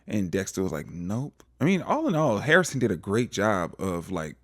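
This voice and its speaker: A young man gives a casual TV episode recap and acts out the characters' lines with playful slang. His voice sits low but jumps around a great deal in pitch. The recording is dry and close, with no room sound. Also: sing-song, brisk, no room sound. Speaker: recap vlogger.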